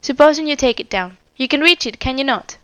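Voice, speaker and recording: A woman reading a storybook voices a clever young woman detective who speaks quietly, tenderly and with assurance. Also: sits high, lively intonation, brisk, dry recording, voice pushed up. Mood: gentle.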